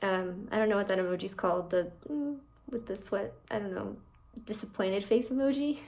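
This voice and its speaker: A woman reading online posts aloud and reacting to them in casual, animated commentary as a channel host. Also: medium pitch, normal speed.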